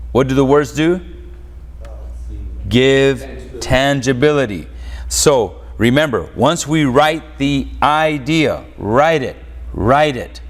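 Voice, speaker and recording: Slow-preaching man in an echoing church. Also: medium pitch. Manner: call-and-response preaching, rhetorical questions. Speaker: pastor. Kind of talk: sermon. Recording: long church reverb.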